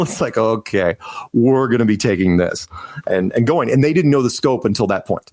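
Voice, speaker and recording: Man, podcast guest, rambling storyteller, dry close sound, middle pitch. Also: fairly quick, no room sound. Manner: rambling, with many restarts and acted-out quotes. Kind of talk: casual storytelling in an interview.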